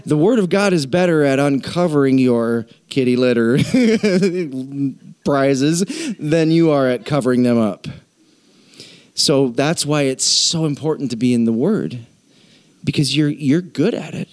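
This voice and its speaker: A pastor with a medium-pitched, darkish voice preaches a sermon in an expressive, unhurried way. He is humorous, conversational and self-deprecating, and he asks the congregation to answer back.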